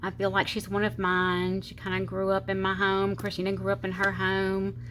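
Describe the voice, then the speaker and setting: A woman's voice: medium pitch, completely flat delivery, normal speed, a bit bright, a little hiss or hum. A middle-aged woman with a Southern US accent, chatting casually and rambling as she decorates her planner, with slightly slurred speech, sometimes counting under her breath. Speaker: planner channel host. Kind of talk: casual chatty crafting vlog.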